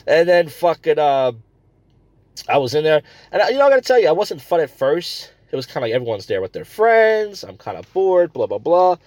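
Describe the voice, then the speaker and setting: A man's voice: a little high, big pitch swings, a little fast, darkish tone, dry recording. A man hosting a comedy podcast, ranting crudely and rambling between stories. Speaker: podcast host.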